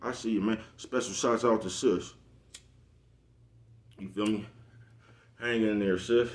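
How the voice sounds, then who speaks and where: A man's voice: on the low side, fairly even intonation, measured pace. A man, talking casually to camera, rambling, repeating "you know what I'm talking about" and laughing at his own jokes. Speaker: vlogger. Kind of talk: casual monologue.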